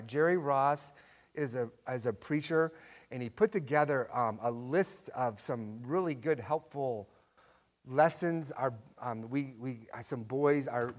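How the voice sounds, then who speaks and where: Animated man teaching Sunday school. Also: medium pitch. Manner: animated storyteller, repeats key phrases, asks class to read along. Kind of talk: Sunday school lesson with storytelling.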